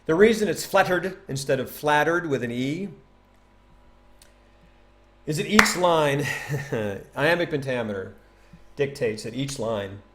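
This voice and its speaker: A man casually teaching a poem on a livestream, chatty and animated, thinking aloud and tapping out rhythms. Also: fairly high pitch, a little slow, long pauses. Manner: taps out rhythm with nonsense syllables. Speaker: streamer explaining a poem.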